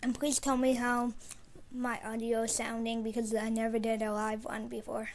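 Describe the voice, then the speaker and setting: A woman streams herself playing a shooter, talking to her viewers in a fairly high voice that stays on a flat line. She mutters low between plays, then jumps to sudden loud outbursts. A faint hiss sits under her computer mic. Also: normal speed. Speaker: gamer streaming live play. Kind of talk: live gameplay commentary.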